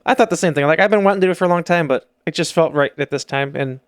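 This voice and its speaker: Fast-talking man, brisk and bright. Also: on the high side, clear, resonant tone, dry recording, clean studio sound. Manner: fast, rambling storytelling with quoted asides. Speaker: podcast co-host. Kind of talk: casual chat.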